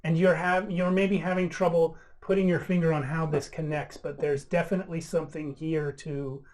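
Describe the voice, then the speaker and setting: A man's voice: a little high, little pitch movement, moderate pace, darkish tone. A man running a tabletop role-playing game as game master, talking in a musing, hesitant way.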